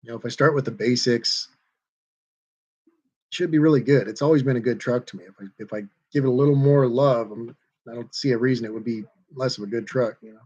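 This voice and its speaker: A man hosting a casual livestream, reading viewer comments aloud in a relaxed, chatty way. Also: medium pitch, quick pace, breathy edge, highs cut off. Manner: laid-back, reads viewer comments aloud and chuckles between them. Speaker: livestream host reading chat. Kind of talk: casual chat.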